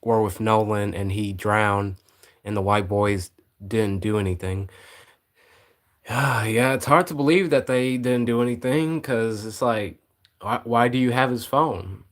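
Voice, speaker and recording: A man's voice: lowish voice, a little slow. A man co-hosting a livestream, talking casually and hesitantly as he thinks aloud. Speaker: livestream co-host.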